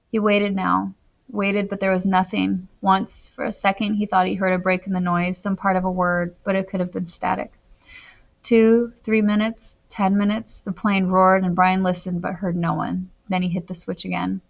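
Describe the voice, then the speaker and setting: A woman narrates a novel at a steady storytelling pace, her voice lifting as the tension climbs. Her pitch sits in a middle range, and the recording sounds dull and lo-fi. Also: moderate pace, gravelly. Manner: steady storytelling, rising in tense moments. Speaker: audiobook narrator. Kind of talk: novel read aloud.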